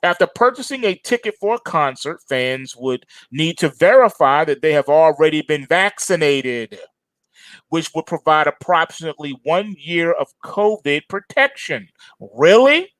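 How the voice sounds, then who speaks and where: A man's voice: fairly high pitch, lively intonation, normal speed, a bit bright, dry recording. A man hosting a market commentary monologue, sardonic and emphatic, mocking as he goes.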